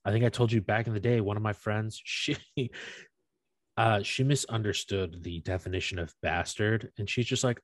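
Young male podcast co-host, low pitch, dry close mic, casual swearing storyteller. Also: moderate pace, no room sound. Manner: animated storytelling, swears freely, laughs often. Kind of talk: casual chat.

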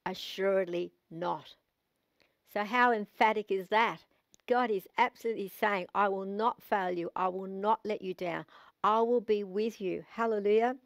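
A middle-aged woman with an Australian accent preaching a sermon, reading scripture aloud and slowing down to stress key phrases with emphatic repetition. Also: mid-range voice, steady tone, no room sound.

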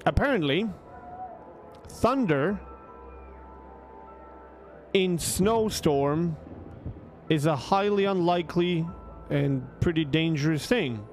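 A young man casually telling a long, animated story, swearing freely and restarting his sentences. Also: fairly high pitch, slow pace, pauses often, soft background music. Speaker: streamer telling stories.

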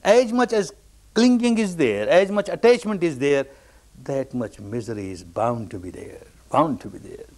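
A meditation teacher giving a discourse, telling a story with emphatic repetition, rising on stressed phrases and sinking to quiet endings. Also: male voice, animated, normal speed. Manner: swings between raised, stressed phrases and low, quiet endings.

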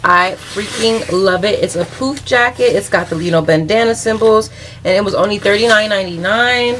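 A woman's voice: mid-range voice, normal speed, a bit bright, slight background noise. A young woman with a Southern US accent chatting casually to her viewers in a vlog, sassy and talkative, calling them y'all and honey. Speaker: vlogger. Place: home closet.

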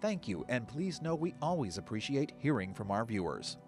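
Brief: announcer, man, very lively intonation, formal read, faint music underneath. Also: mid-range voice, normal speed. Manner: formal, polite. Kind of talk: scripted voice-over announcement.

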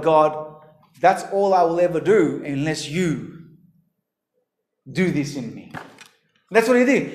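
High-voiced earnest male preacher, echoey room. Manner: earnest, rises to emphatic peaks then drops low. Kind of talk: sermon.

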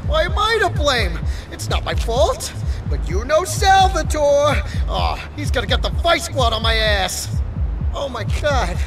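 A sleazy, jittery mob wannabe. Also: male voice, high-pitched, sing-song, gravelly, music in the background, heavily acted. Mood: panicked. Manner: whiny, panicky and fast-rambling. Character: sleazy, jittery small-time male mobster wannabe. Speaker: game character. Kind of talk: video game voice acting.

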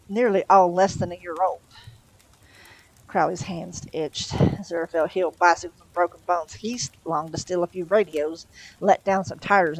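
A woman reading a novel aloud in a relaxed, conversational way. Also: fairly low pitch, low-quality recording. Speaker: storyteller.

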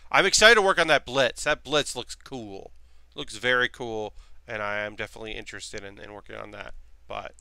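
A man streaming live in casual chat, rambling and thinking aloud with frequent restarts, dropping to a quiet mutter while he works with his hands. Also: on the low side, moderate pace, gravelly, clear, resonant tone, no room sound. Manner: drops to a quiet mutter while focused on handiwork.

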